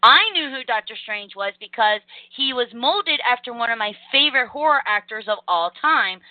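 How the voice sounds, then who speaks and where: A woman hosting a casual podcast chat, blunt and animated, swearing casually. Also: on the high side, moderate pace, no echo. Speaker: podcast host. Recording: phone-like narrow sound, dry.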